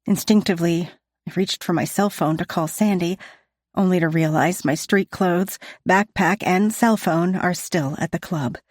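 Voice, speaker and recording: A woman's voice: lowish voice, moderate pace, no room sound, clean studio sound. A woman reading a romance audiobook in the first person, with intimate storytelling. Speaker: audiobook narrator.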